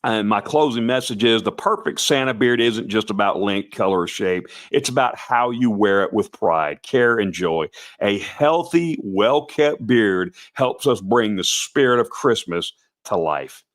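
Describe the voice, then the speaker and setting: A raspy older man chatting loosely with his viewers, his voice sitting a little low. He rambles and restarts his sentences often, talking casually as a Santa performer hosting his own show. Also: animated, measured pace. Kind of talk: casual livestream talk.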